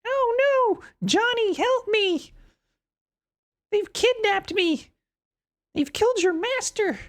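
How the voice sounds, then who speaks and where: A man voicing a panicked kidnapped young woman, in a shrill, melodramatic falsetto as he reads a game's text. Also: lively intonation, takes it slowly, heavily acted. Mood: pleading.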